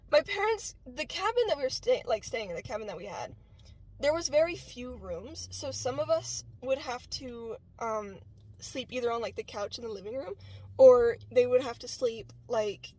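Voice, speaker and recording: Chatty young woman with a high voice. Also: low-quality recording. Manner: chatty, lots of fillers and "right?" check-ins. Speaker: vlogger. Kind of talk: casual storytelling to camera.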